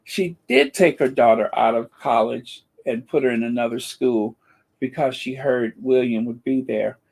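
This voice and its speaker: A man's voice: mid-range voice, normal speed, vocal fry, a little mellow, husky. A man hosting a commentary channel, talking in a sarcastic, rambling monologue full of fillers and restarts.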